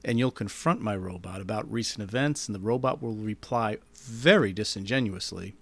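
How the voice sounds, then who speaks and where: A man reading his own darkly comic short story aloud into a microphone, in a deadpan way. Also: on the low side, moderate pace.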